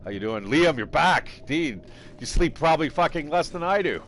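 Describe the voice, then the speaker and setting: A man's voice: fairly high pitch, animated, moderate pace, fairly bright tone, a little hiss or hum. A man casually commentating his game live, rambling, thinking aloud and swearing freely. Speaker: game streamer.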